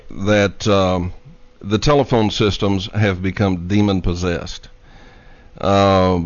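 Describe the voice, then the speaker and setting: A man hosting a live radio talk show from a studio, talking in an unhurried, halting way with many fillers. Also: fairly low pitch. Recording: dry, dull lo-fi radio studio sound.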